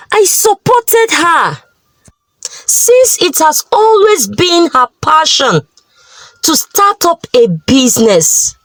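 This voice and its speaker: A woman's voice: high-pitched, fairly bright tone, no room sound, exaggerated voice, rough recording. A woman voicing a remorseful middle-aged mother begging her husband for forgiveness. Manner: begging, apologetic.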